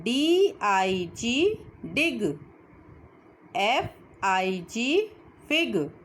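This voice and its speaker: A woman teaches children phonics at a very slow, deliberate pace. Her pitch swings widely as she spells each word letter by letter and then says it again. A faint hum of background noise sits under her voice. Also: very animated.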